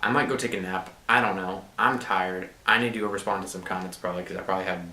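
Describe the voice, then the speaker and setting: Male channel host, sore throat, monotone casual commentary; low, forceful tone, roomy echoing recording. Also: fast talker. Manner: monotone delivery. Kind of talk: casual card-game commentary. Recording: roomy, echoey room.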